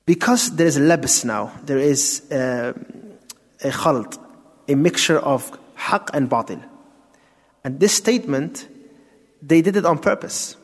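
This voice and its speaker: A man's voice: fairly high pitch, takes it slowly. A man giving a Quran tafsir lesson, explaining step by step, asking rhetorical questions and mixing in Arabic terms. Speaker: Islamic teacher. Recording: long hall reverb.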